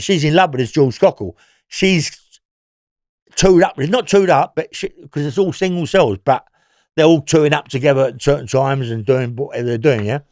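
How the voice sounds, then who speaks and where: A man's voice: a little high, expressive, a little fast, a little mellow, dry recording, studio quality. An older man with a London accent, bluntly recounting old prison stories in a rambling, profane way. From England. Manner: rambling, blunt, swears freely. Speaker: interview guest.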